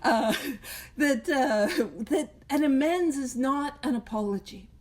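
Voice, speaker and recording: A woman's voice: sits high, expressive, slow, darkish tone. A woman giving a talk at a recovery meeting, joking and self-deprecating in a conversational way, heard over a video call. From Canada.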